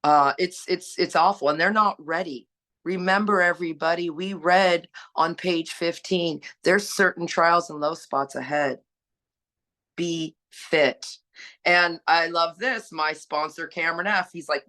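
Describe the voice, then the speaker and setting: A woman's voice: fairly low pitch, measured pace, pushed and bright. A woman sharing her recovery story on a panel, earnest and exhorting, asking rhetorical questions. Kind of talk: personal sharing, preachy.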